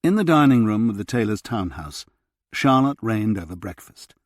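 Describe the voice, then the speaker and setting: A man reading a historical novel aloud as narrator, in a measured, expressive way. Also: lowish voice, dry recording, clean studio sound. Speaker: audiobook narrator. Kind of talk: scripted narration.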